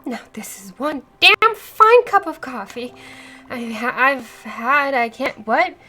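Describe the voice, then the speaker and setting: A woman's voice: sits high, lively intonation, slow pace, bright, forceful tone, faint music behind, heavily acted. A woman reading a hearty, coffee-loving spirit woman. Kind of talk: reading game dialogue aloud.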